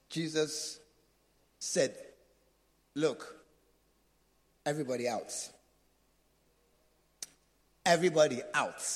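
A man preaching a sermon, dramatically acting out the voices of doubters and calling for responses from the congregation. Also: on the high side. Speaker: pastor. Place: church hall. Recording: long reverb of a large hall.

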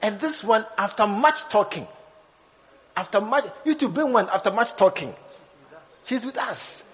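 Animated preacher, high and lively. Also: male voice, measured pace, long reverb tail, rough recording. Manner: animated, acts out scenes, jokes with the congregation. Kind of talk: lively sermon.

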